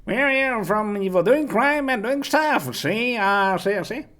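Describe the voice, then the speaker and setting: A man voicing a cocky old-time gangster who talks fast and ends his lines with "see?". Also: high-pitched, expressive, fairly bright tone, pitched above the performer's own voice.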